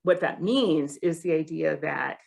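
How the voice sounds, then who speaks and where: A woman with a low, gravelly voice co-hosts a podcast discussion. She talks thoughtfully and hesitantly, searching for words with frequent fillers. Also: measured pace, a little mellow.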